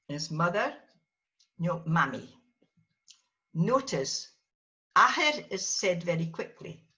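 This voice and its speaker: A woman's voice: fairly low pitch, pushed and bright. A woman teaching a language class, patiently calling on students by name and correcting their pronunciation. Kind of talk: classroom lesson with learners. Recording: dull lo-fi recording.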